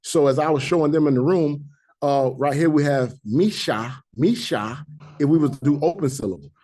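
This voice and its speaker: A man teaching a Hebrew reading class, patiently explaining rules and sounding out syllables slowly, one by one. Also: fairly high pitch, mellow. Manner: patient, repeats sounds slowly to demonstrate pronunciation. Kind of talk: classroom language lesson.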